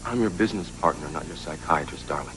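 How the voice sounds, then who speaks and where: An actor playing a sardonic, mocking business partner in a 1980s soap opera. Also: male voice, very deep voice, fast, poor audio.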